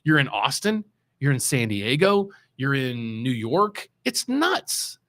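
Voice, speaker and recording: Speaking slowly in a medium-pitched, somewhat bright voice with big swings in pitch, this middle-aged man from West Virginia hosts his show as a mortgage loan officer. His unscripted market talk is casual and rambling, full of restarts and heavy emphasis on important words.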